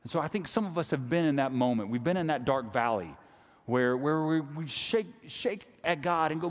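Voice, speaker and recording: A man's voice: a little high, lively intonation, normal speed, in a large hall. A man preaching a sermon in a casual, conversational way, often repeating words as he goes. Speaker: pastor.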